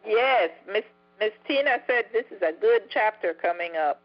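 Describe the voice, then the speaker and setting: A woman's voice: mid-range voice, lively intonation, moderate pace, highs cut off, faint music behind. A woman taking part in a Bible study, answering politely and briefly. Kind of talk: casual group chat.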